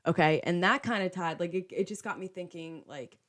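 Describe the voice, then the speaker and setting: A young woman with a notably low-pitched voice hosts a casual podcast monologue. She talks in a loose, chatty way, filling her sentences with "like" and slipping into quoted dialogue as she retells what happened. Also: a little fast, a bit bright. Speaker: podcast host.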